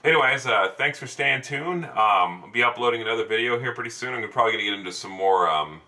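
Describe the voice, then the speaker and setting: A man's voice: medium pitch, animated, fast talker, bright, forceful tone, far from the mic. A man in sales telling a story casually, rambling with many fillers and restarts. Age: adult, over ten years in sales. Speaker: salesman vlogger.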